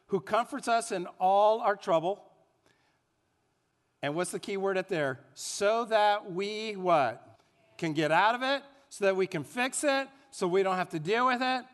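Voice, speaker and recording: A man preaching a sermon as pastor, animated, asking the congregation questions and having them repeat phrases. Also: sits high. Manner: animated preaching with rhetorical questions and call-and-response. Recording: long hall reverb.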